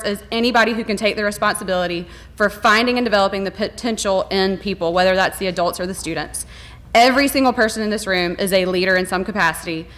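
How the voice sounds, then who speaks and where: A woman's voice: medium pitch, a bit bright. A woman principal giving a heartfelt, rambling award acceptance speech to a gala audience. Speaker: elementary school principal. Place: gala hall in front of an audience.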